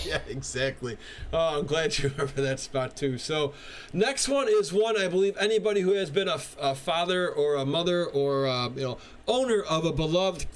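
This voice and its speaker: A man with a fairly high pitch, speaking at normal speed, co-hosts a podcast reviewing comics. He's chatty, upbeat and loose, laughing and hedging with plenty of "you know" and "uh".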